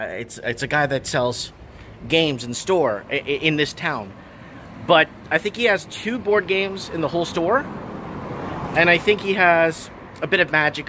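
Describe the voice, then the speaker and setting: A fairly high-voiced man in his thirties vents to his camera from his half-finished shop. He rambles, circles back and repeats himself in an exasperated, casual vlog rant. A faint hum of noise sits behind him. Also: fairly bright tone. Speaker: vlogger and shop owner. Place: shop under renovation.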